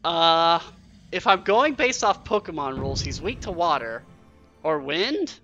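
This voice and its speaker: A man doing let's-play commentary, reading game text aloud and reacting with excited, cursing self-talk. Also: on the high side, unhurried, muffled recording, soft background music. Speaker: game streamer.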